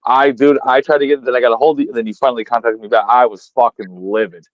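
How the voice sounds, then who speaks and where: A man's voice: mid-range voice, steady tone, fast talker, dry recording, muffled recording. A man with a New England accent co-hosting a fishing podcast, retelling phone calls in an emphatic, profane casual chat. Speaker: podcast co-host.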